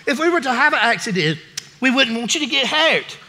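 A woman's voice: high voice, sing-song, fairly quick, bright, forceful tone, pitched above the performer's own voice, exaggerated voice. A man voicing a prim, proper British female flight attendant who speaks politely in a British accent.

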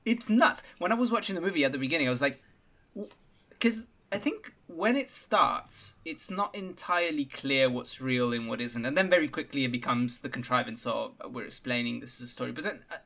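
A man talks through a film in a loose, animated way, with laughter breaking in. His voice is bright and forceful. His pitch sits in the middle for a man. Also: fairly quick, creaky. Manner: animated, laughs while talking. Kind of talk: casual film discussion.

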